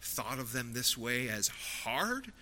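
A man's voice: medium pitch, sing-song, slow, bright, forceful tone, slight background noise. A man preaching a sermon from the pulpit, earnest and rising to emphatic peaks. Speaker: pastor.

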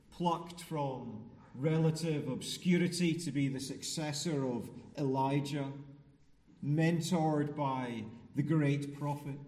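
A man preaching a sermon in a church, reading scripture aloud and then explaining it in a measured, solemn way. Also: mid-range voice, mellow, distant mic. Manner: slow, measured, solemn delivery. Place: church sanctuary. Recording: reverberant church hall.

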